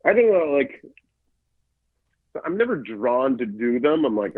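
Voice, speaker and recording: A man's voice: medium pitch, sing-song, a little slow, slightly rough, dry recording, phone-quality sound. A tired man, a guest comedian on a podcast, joking around and swearing, and breaking into mocking bits. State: tired, sleep-deprived. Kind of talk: casual podcast banter. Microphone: remote call.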